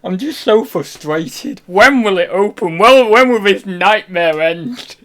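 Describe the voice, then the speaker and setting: Whiny, exasperated young guy, pitched up a little, as a streamer puts him on. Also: animated, slow pace, bright, forceful tone, exaggerated voice. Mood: frustrated. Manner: whining, exaggerated complaint.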